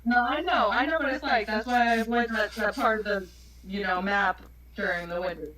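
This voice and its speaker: A woman's voice: medium pitch, brisk, fairly bright tone. Chatty woman on a voice call. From New York, United States. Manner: chatty, laughing, self-mocking. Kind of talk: casual voice chat. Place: online voice call.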